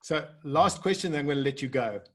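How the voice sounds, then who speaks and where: Man hosting, slightly high voice. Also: animated, fairly quick, a bit bright. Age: middle-aged. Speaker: interviewer, host. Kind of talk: casual video-call interview.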